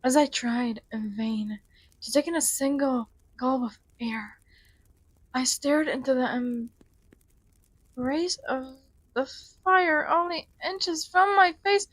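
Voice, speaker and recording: High-voiced woman reading a visual novel. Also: slow pace. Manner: dramatic reading mixed with joking commentary. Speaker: gaming YouTuber.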